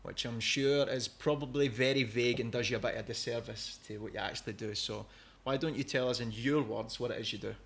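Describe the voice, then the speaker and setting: A man's voice: medium pitch, steady tone, a little fast, vocal fry, hardly any pauses, fairly bright tone. A man with a Scottish accent hosting a podcast, chatting casually and rambling a little as he sets up his questions. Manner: chatty, rambling, laughs easily. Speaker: podcast host. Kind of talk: casual interview chat.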